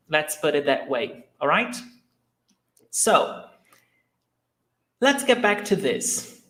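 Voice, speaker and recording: Man, patient language teacher, slow delivery, roomy echo. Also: a little high, fairly bright tone. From Brazil. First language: Portuguese. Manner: patient, explaining step by step, answers viewers' questions. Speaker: Portuguese teacher. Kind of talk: live online language lesson.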